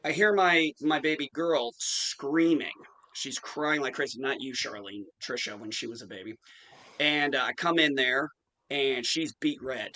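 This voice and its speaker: Bright-voiced man telling a profane story. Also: medium pitch, a little slow, poor audio. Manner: profane, animated storyteller acting out quotes. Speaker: podcast host. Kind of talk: casual storytelling chat.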